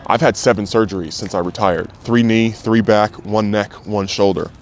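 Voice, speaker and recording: Frank, low-voiced former football player. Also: male voice, fairly even intonation, moderate pace, soft background music. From United States. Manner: frank and emotional, swears freely, acts out quoted voices. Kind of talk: candid interview.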